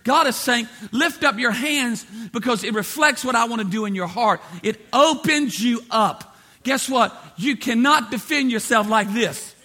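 Bright high-voiced man preaching a sermon. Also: measured pace. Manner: preaching with emphatic repetition and acted-out quotes. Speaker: pastor.

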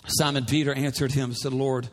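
A man's voice: high voice, animated, normal speed, fairly bright tone. A male pastor preaching a sermon in a church, emphatic, with many repeated rhetorical questions.

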